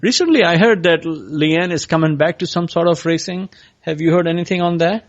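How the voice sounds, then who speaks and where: A man hosts a podcast interview, pausing and restarting as he asks his questions. His voice sits a bit high. The sound is muffled and lo-fi. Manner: halting, asks questions with many pauses. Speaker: podcast host. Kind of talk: interviewing a guest. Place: California.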